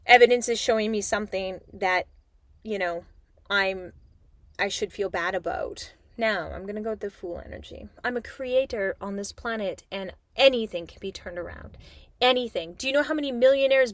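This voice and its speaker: A middle-aged woman giving an animated, chatty spiritual talk as a tarot reader, swearing casually as she addresses her viewers. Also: medium pitch, dry recording.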